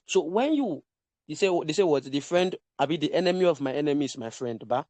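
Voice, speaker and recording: A man's voice: a little high, animated, fairly quick, darkish tone, no echo. Man teaching, asking rhetorical questions. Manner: asks rhetorical questions and fills in the answers. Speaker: instructor. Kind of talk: teaching a sales bootcamp.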